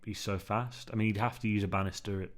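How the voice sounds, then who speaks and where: Rambling low-voiced male vlogger. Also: steady tone, fast. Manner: meandering, filler-heavy, keeps saying "man". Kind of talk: casual rambling monologue. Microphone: newly bought mic, under test.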